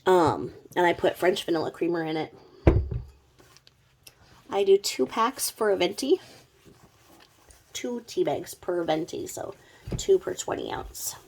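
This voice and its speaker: Gravelly low-voiced woman, chatty. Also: measured pace, pauses often, a little mellow, slight background noise. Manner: chatty, blunt, swears freely. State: sick with covid. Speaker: true crime commentary host. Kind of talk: casual rambling commentary.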